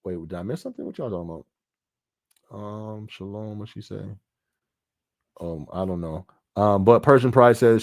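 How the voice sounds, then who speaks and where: A man's voice: on the low side, normal speed, long pauses, dry recording, studio quality. Laid-back man hosting a live chat. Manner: relaxed, laughs often, reads viewer comments aloud. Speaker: podcast host. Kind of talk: casual live-stream chat.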